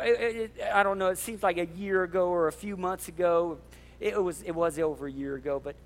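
A male pastor preaching a sermon, fired up and passionate, half yelling. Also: high voice. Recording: long hall reverb.

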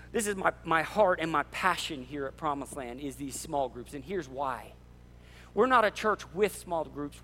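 A male pastor preaching a sermon, fired up and passionate, half yelling. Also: high voice. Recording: long hall reverb.

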